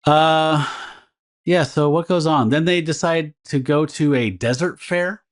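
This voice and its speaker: A man's voice: a little high, a little slow. A man co-hosting a casual podcast, recapping a comic story in a rambling, laughing way with many fillers. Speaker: podcast co-host. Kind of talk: casual comic book discussion.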